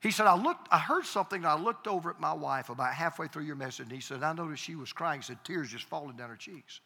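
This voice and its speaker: Pastor, male, fairly high and bright voice, storytelling sermon delivery in a reverberant church hall. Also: animated. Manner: storytelling with repeated starts and emphatic pauses.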